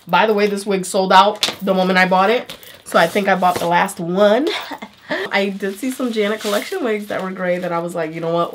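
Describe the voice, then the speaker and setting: A woman's voice: mid-range voice, slight background noise. A woman reviewing a wig for her channel in a chatty, playful way, sounding nasal while sick with a fever. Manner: chatty, playful, swears casually. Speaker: beauty vlogger.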